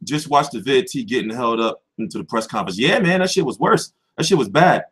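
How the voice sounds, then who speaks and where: A man's voice: mid-range voice, expressive, brisk, a bit bright, slightly rough. A young man hosting a boxing channel, answering viewers in a heated, profane livestream chat.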